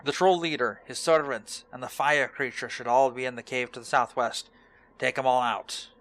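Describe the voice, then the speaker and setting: A man's voice: mid-range voice, fairly even intonation, normal speed, a bit bright, close to an everyday voice. A man voicing a stern male dwarf quest-giver in a strained, put-on dwarven accent.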